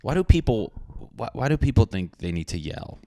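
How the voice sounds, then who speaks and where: A man's voice: fairly low pitch, big pitch swings, fairly quick, gravelly, dark tone, a little hiss or hum. A young man hosting a casual solo podcast, rambling and joking crudely with lots of swearing. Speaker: podcast host.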